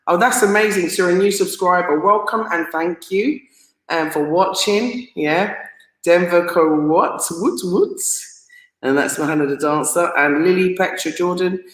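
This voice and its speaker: A woman hosting a live stream, reading out viewer comments and greetings in a chatty, excitable way, often laughing and stumbling over names. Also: on the low side, moderate pace. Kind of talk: casual live stream chat. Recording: roomy echo.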